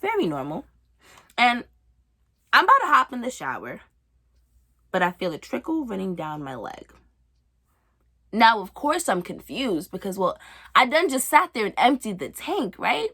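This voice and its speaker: A young woman comedian telling a stand-up story in an animated, exaggerated, breezy way. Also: a little high, moderate pace, long pauses, breathy edge.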